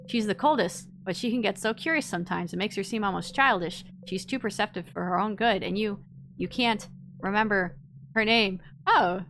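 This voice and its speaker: A woman's voice: medium pitch, fairly bright tone, slight background noise. Playful woman streamer talking through a game. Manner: playful, talks to herself while playing. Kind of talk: casual gameplay commentary.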